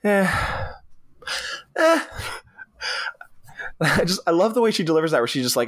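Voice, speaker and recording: A man's voice: sits high, big pitch swings, normal speed. A man co-hosting a podcast, retelling movie scenes in casual chat and laughing often. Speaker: podcast co-host.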